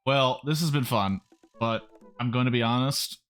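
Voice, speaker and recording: A man's voice: mid-range voice, moderate pace, fairly bright tone, soft background music. A male streamer reacting casually to a game, laughing and swearing. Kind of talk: casual gameplay commentary.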